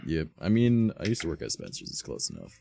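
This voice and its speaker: A man streaming while reading fan fiction aloud, adding profane, deadpan asides in a slightly sore voice. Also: a bass voice, fast, creaky, breathy edge, dry recording, soft background music.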